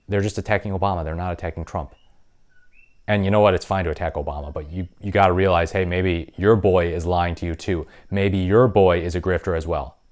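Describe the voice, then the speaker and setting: A man's voice: low voice, darkish tone. A man hosting a political commentary vlog, talking in an opinionated, conversational way with frequent ums. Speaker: political commentary channel host.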